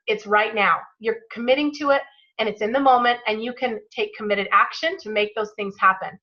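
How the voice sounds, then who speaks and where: A woman's voice: on the high side, fairly quick, bright, forceful tone, lo-fi sound. A woman leading a motivational team call, encouraging and emphatic, guiding listeners through breathing. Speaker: team leader hosting a call.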